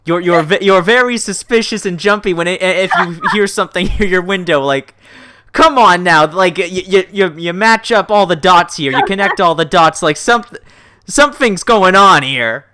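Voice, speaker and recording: A woman hosting a casual interview, enthusiastic and gushing, often stumbling and repeating words when excited. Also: lowish voice, normal speed, background noise. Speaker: show host and interviewer.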